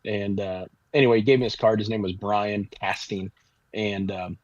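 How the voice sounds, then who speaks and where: A man's voice: on the low side, steady tone, normal speed, dry recording. A man from the Kansas City area, a barbecue pitmaster guest, telling a long rambling story in a casual interview with lots of restarts. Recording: dull lo-fi audio.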